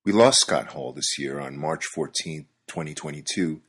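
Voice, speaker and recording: Deep husky man narrating a podcast. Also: moderate pace, a bit bright. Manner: wry, dry-humored storytelling. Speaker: podcast host.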